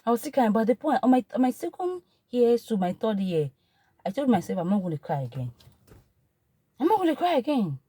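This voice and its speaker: A woman's voice: a little high, quick pace, slightly rough, dry recording. A woman in her thirties with a Nigerian accent, telling a personal story in an emotional, repetitive way. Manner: emotional, repetitive, shifts from animated to hushed. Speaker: vlogger. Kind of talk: personal testimony.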